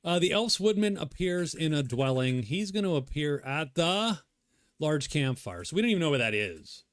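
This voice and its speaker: A man's voice: on the high side, sing-song, moderate pace, dry recording, clean studio sound. A man thinking aloud as he plays a solo board game, rambling and muttering to himself. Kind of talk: casual solo playthrough commentary.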